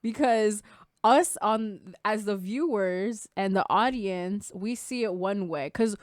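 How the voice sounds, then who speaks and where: Smooth-voiced woman hosting a podcast. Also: medium pitch, takes it slowly, no room sound, clean studio sound. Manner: laughs often, chatty with fillers. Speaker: podcast host. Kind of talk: casual interview chat.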